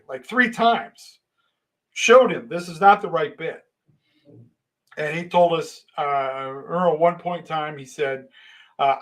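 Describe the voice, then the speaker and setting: A middle-aged man tells a rambling story in a casual monologue. His voice sits a little high for a man. He swings between conspiratorial hushed asides and sudden loud, animated bursts.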